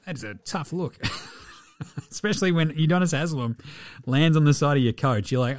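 A man's voice: a little high, moderate pace. An Australian man hosting a basketball podcast, talking in a brash, slangy way, swearing freely and laughing often. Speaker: podcast host. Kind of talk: casual sports commentary.

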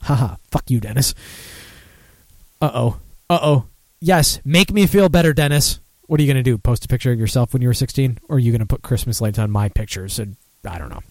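A man hosts a loose, chatty beer podcast, rambling and swearing and poking fun at himself. His voice sits at a middling pitch and sounds close and dry, with no room around it. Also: brisk, vocal fry, a little mellow, dry recording. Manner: rambling, profane, self-mocking, laughs often. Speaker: podcast host. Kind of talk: casual live-stream chat.

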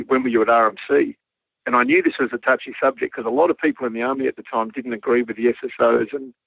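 Australian man, gravelly voice, thin phone-line sound, relaxed storyteller. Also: medium pitch, no room sound. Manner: relaxed, self-deprecating, laughs while telling stories. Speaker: guest, former Army pilot. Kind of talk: anecdotal interview storytelling.

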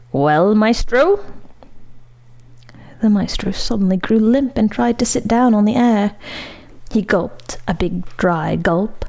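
A woman reading a story aloud in a measured, expressive way. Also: medium pitch, vocal fry. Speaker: story reader.

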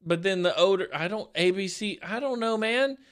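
A young man from Florida co-hosting a casual podcast, animated and quick to laugh, acting out quotes as he talks. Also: high voice. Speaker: podcast co-host.

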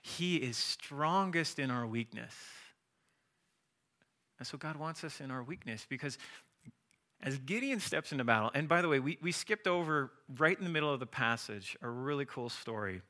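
A man preaching a sermon as a pastor, animated and acting out the voices of biblical figures. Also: mid-range voice.

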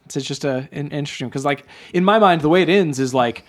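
A man's voice: on the high side, quick pace. A man co-hosting a casual movie chat, rambling and leaning heavily on filler words. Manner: rambling, heavy use of filler "like". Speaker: podcast co-host.

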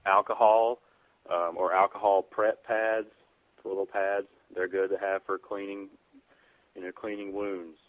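A man's voice: low-pitched, little pitch movement, a little slow, no echo. A man working as an EMT, a guest in a casual interview, explaining things plainly in an easygoing way with plenty of fillers. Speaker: EMT guest on a preparedness podcast. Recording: tinny phone line.

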